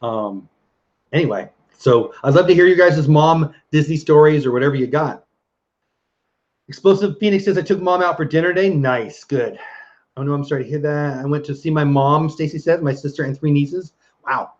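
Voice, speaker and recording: A man's voice: on the high side, normal speed. A middle-aged man hosting a casual livestream, chatting and reading viewer comments aloud with easy laughs. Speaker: livestream host reading chat. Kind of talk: casual live chat. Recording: dull lo-fi stream audio.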